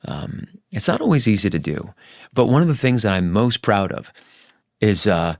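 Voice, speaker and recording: A man's voice: lowish voice, very animated, normal speed, creaky, dry recording, clean studio sound. A middle-aged man, a journalist guest in an interview, talking candidly and earnestly, acting out his anecdotes with animation.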